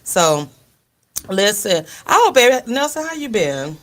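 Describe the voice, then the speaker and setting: Unhurried and medium-pitched, a middle-aged woman chats casually on the radio show she co-hosts, spinning funny family tales. She acts out quotes in different voices and laughs often as she animatedly tells them.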